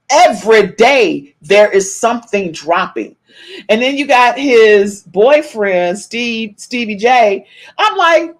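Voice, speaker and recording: A woman's voice: mid-range voice, expressive, a little slow. A woman hosting a casual live-stream gossip podcast, reading viewers' chat comments aloud and calling out meow to them. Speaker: podcast host.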